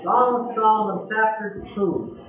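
A man's voice: high-pitched, measured pace. A man preaching a sermon in an earnest, pleading way, asking many rhetorical questions. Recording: echoey hall, distant mic, tinny lo-fi.

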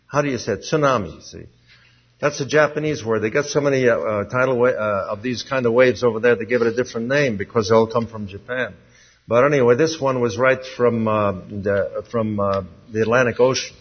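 A man preaching a sermon in a folksy way, swinging from loud emphasis to quiet asides. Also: medium pitch, fairly quick, breathy edge. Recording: dull lo-fi sermon recording.

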